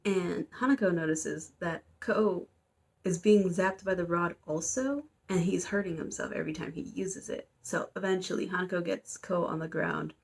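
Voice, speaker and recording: A woman's voice: fairly low pitch, fairly even intonation, normal speed, creaky, a little mellow, a little hiss or hum. A young woman, a student, casually recapping a story in a chatty, rambling way full of fillers and playful quotes. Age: young adult. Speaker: student vlogger.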